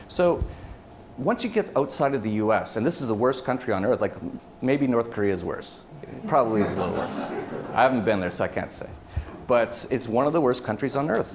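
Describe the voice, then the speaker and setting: A man's voice: mid-range voice, darkish tone, a little hiss or hum. A man giving a casual conference talk, rambling with many fillers and restarts. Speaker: conference speaker. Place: conference hall.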